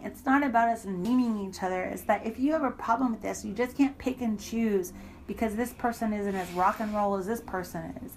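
A woman's voice: a little high, a little fast, darkish tone, a little hiss or hum, rough recording. A woman in an interview, bluntly recounting a personal story with heavy profanity and indignant emphasis.

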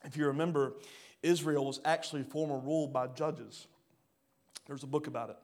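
A pastor preaching a sermon, swinging between loud rising bursts and quiet low drops. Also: male voice, steady tone, normal speed. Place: church hall.

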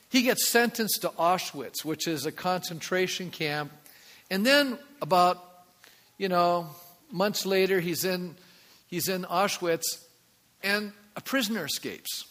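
A male pastor delivers a sermon in a church sanctuary, and his voice sits a bit higher than most men's. He talks in a conversational way and turns to the congregation with asides. A long reverb trails each phrase through the hall. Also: fairly bright tone.

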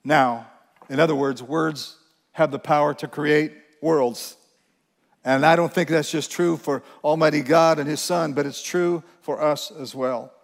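A male pastor delivers a sermon in a fairly high voice, earnest and emphatic, slowing down to read scripture with weight. His words ring out with a long reverb from a large church sanctuary. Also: steady tone, creaky.

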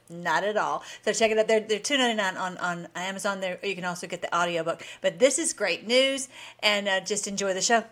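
A woman's voice: medium pitch, a bit bright. A woman hosting a casual commentary vlog. She talks enthusiastically and rambles, with frequent restarts. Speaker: host.

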